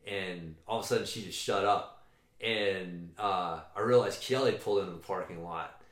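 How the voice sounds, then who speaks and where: A man's voice: low voice, normal speed, fairly bright tone. A man in casual chat, telling a long rambling story with swearing and frequent restarts. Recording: roomy echo.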